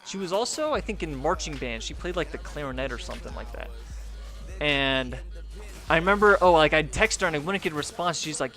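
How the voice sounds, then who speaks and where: A man's voice: fairly high pitch, moderate pace, pushed and bright, faint music behind. A young man telling a personal story in a casual, rambling way, full of filler words and swearing. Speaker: gaming streamer and video host.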